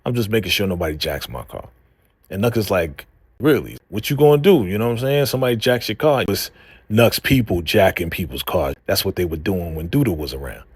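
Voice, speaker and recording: A man casually recapping a TV episode, acting out the characters' lines in a lively retelling. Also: low voice, brisk, breathy edge. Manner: animated retelling, acting out characters' lines, frequent "you know what I'm saying". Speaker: TV recap host.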